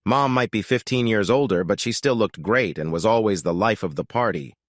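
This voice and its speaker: A man narrating a first-person story in a steady, scripted way. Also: fairly low pitch, brisk, dry recording, studio quality.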